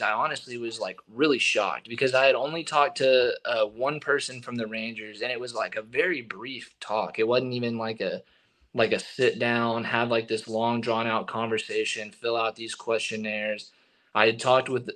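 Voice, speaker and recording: A young man from Texas, a baseball pitcher, telling stories in a casual interview and acting out what others said. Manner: animated storyteller, acting out quotes.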